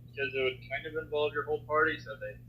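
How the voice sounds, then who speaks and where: A man's voice: fairly high pitch, level tone, very fast, narrow, tinny audio. A man acting as game master in a tabletop role-playing game, explaining rulings matter-of-factly.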